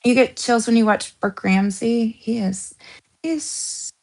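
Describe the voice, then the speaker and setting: A woman's voice: fairly high pitch, slow, vocal fry, darkish tone. A woman from the American South with a Southern accent, hosting a casual true crime chat, giggly with lots of ums and restarts. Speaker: true crime channel host.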